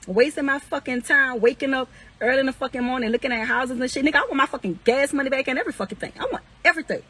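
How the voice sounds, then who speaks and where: A woman's voice: high voice, rapid-fire, fairly bright tone, breathy edge, poor audio. A young woman venting heatedly and profanely, indignant and repeating herself. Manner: indignant, repetitive, swears constantly, rising to incredulous peaks. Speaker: woman airing accusations against an ex.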